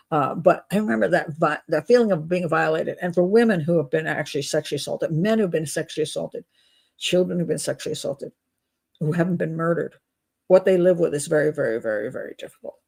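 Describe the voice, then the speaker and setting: Gravelly-voiced woman, emphatic and incredulous. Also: low-pitched. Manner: emphatic and incredulous, piling up rhetorical questions. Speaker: host of a crime profiling channel. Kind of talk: casual live-show commentary on a criminal case.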